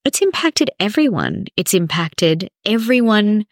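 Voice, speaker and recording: A woman speaking as a podcast guest, telling a personal story in a candid, animated way. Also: mid-range voice, measured pace, no room sound, clean studio sound. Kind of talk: emotional personal conversation.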